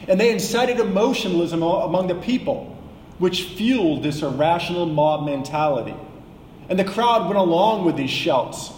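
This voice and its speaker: A man preaching a sermon, dramatic and rising to shouts when he quotes a crowd. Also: fairly high pitch, a little hiss or hum. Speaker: pastor. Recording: echoey hall with long reverb.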